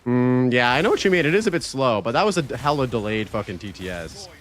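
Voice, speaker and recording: A man streaming a game live, chatting casually, reading chat aloud and swearing freely in loose, excitable talk. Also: medium pitch, fast, slight background noise.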